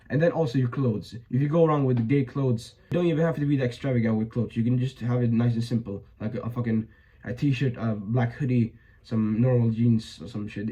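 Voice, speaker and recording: A man's voice: mid-range voice, dark tone, muffled recording. A young man giving blunt, profane advice in a casual monologue, full of fillers and restarts, his voice a bit strained. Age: young adult. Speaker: vlogger.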